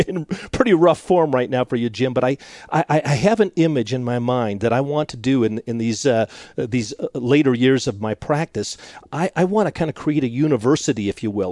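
A man's voice: mid-range voice, a little mellow, no echo, studio quality. A middle-aged man and marriage counselor, a radio interview guest who talks animatedly, laughs often and restarts his sentences.

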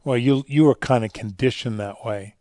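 A man with a dark, mellow voice talks earnestly as a guest on a radio show. He tells stories and lets his voice sink low and soft at the tender moments. The sound is dry and close. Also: normal speed, no echo. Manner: earnest, storytelling, drops quiet for emotional parts. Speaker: guest speaker on fatherhood and faith. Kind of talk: conversational radio interview.

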